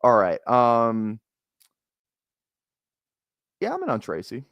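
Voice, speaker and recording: Man from minnesota, live-stream chatter, excitable and profane, rambling, fillers, dry close sound, mid-range voice. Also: mid-range voice, takes it slowly, dry recording, dull audio. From Minnesota, USA. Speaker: fantasy football streamer. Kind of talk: casual live-stream chat while drafting.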